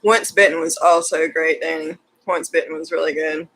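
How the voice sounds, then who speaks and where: A man's voice: fairly high pitch, flat delivery, normal speed, pushed and bright. A man co-hosting a live stream, chatting casually about movies and laughing often. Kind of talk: casual chat.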